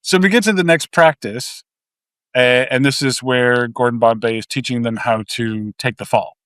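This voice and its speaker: A man's voice: mid-range voice, moderate pace, fairly bright tone, clear, resonant tone, no echo. A man from Canada co-hosting a casual movie podcast, recapping the plot bluntly and swearing freely. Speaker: podcast co-host.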